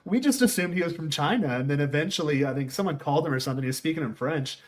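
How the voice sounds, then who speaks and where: A man's voice: a little high, rapid-fire. A middle-aged man from the United States, hosting a casual conversation and telling stories with a wandering, restart-filled delivery. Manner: rambling storyteller, quotes people in voices. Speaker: host.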